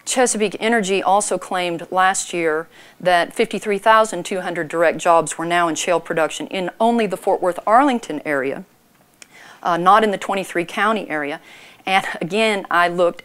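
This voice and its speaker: Hoarse woman giving a talk. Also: lowish voice, normal speed, fairly bright tone. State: hoarse from a cold. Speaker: public speaker. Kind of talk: prepared talk to an audience.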